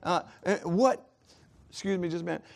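A man preaches a folksy, joking sermon, swinging between loud and hushed, his chest congested and prone to coughing. His voice is high and gravelly, and he talks a little fast.

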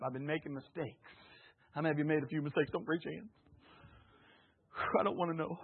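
A man's voice: sits high, husky. A man, an associate pastor, preaching a sermon in a church, telling stories and calling out to the congregation. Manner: storytelling with call-and-response to the congregation. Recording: tinny phone-like sound.

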